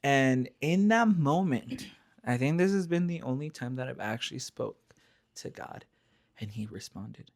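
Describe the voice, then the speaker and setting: A man talking earnestly in a relaxed conversation, his voice sitting in an ordinary middle pitch. He leans into a heartfelt, confessional tone and sinks to a soft near-whisper when he quotes someone. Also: unhurried. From Spanish-speaking family background. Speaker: podcast co-host. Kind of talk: casual heartfelt chat.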